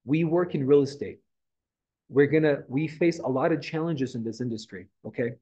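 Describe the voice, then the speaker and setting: A middle-aged man gives a loose, conversational motivational talk to his team and keeps checking in with "right?" and "okay?". His voice is mellow and relaxed rather than bright. The recording is a little dull and lo-fi. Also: medium pitch, normal speed. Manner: casual, rambling, with mild swearing and frequent "right?" and "okay?". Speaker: real estate team leader. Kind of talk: motivational morning meeting talk.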